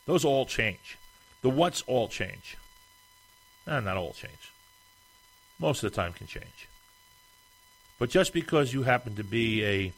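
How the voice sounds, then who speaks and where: A man's voice: on the low side, poor audio. A man hosting an opinion monologue, speaking emphatically and firing off rhetorical questions.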